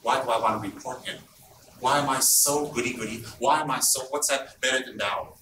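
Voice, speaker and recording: A man giving an informal Buddhist teaching, telling stories in an animated, blunt and teasing way. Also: medium pitch, brisk. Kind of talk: informal dharma talk. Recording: roomy, distant mic, background noise.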